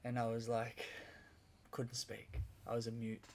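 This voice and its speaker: Gravelly-voiced man telling a story. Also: mid-range voice, completely flat delivery, unhurried, darkish tone, a little hiss or hum. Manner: rambling, vivid retelling with restarts. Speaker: podcast guest. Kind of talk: storytelling in casual conversation.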